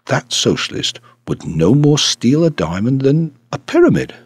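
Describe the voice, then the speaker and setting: A man's voice: fairly low pitch, breathy edge, dry recording, full character voice. A man voicing a small, shrewd priest detective in an audiobook, speaking dryly and demurely. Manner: dry, demure, quietly shrewd.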